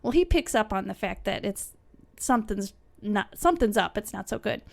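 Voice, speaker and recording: A woman's voice: mid-range voice, expressive, moderate pace, vocal fry. A woman co-hosting a podcast, chatting casually and telling stories with easy laughter. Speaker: podcast co-host. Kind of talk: casual conversation.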